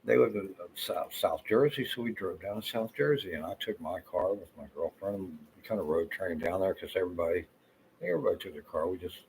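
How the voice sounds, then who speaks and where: A man's voice: deep voice, fast, gravelly, a little mellow, a little hiss or hum, poor audio. A man in his fifties with a Southern US accent, telling rambling, profane stories with lots of fillers. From Florida. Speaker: vlogger. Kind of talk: casual rambling storytelling.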